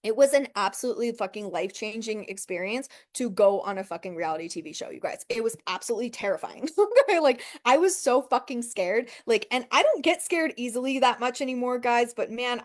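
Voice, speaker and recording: A woman's voice: a little high, animated, brisk. Fiery, foul-mouthed woman coaching. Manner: profane, emphatic, talks straight to the viewer; rhetorical questions and frequent "okay" and "right". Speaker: business coach. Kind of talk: motivational coaching talk to an audience.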